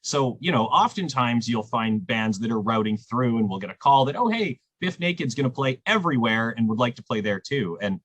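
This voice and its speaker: A man, casually chatting on a podcast as a festival programmer and telling lively stories. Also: a little fast, few pauses, breathy edge, no room sound, dull audio. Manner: animated storyteller, jumps pitch when quoting others.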